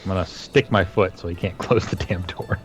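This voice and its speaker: A man playing a tabletop game, planning his character's actions out loud in a playful way. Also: sits low, brisk, breathy edge, soft background music. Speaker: player. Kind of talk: casual tabletop game play.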